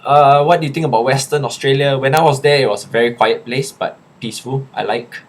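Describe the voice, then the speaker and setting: A young Singaporean man in a casual live chat, reading viewers' questions aloud and answering them in a relaxed, chatty way. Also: medium pitch, a little fast.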